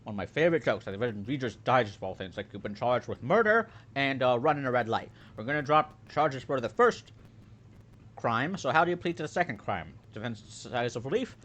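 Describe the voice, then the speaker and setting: A man's voice: medium pitch, expressive, fairly quick, a bit bright. A man reading and joking through a game playthrough, voicing every character himself. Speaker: let's play host.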